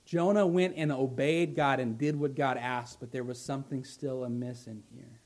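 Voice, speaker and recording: A male pastor preaching a sermon, building to loud emphatic lines, then dropping soft and slow. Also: mid-range voice, fairly even intonation.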